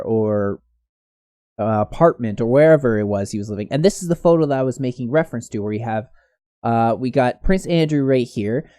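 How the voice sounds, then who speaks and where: A man's voice: mid-range voice, mellow, no echo, clean studio sound. A man giving casual commentary on a news story, rambling with many restarts. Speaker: commentary host.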